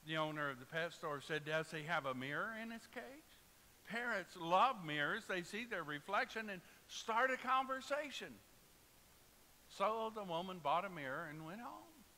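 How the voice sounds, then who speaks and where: Bright-voiced preacher in a reverberant church. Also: male voice, high voice, expressive, normal speed. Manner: storytelling with jokes and asides to the congregation. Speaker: pastor. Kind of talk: sermon. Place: church sanctuary. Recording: reverberant church hall with faint hiss.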